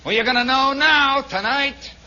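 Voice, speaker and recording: A man voicing a gruff male army sergeant who shouts loud, taunting orders, on a dull 1960s radio broadcast. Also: extremely high pitch, moderate pace, voice pushed up, full character voice.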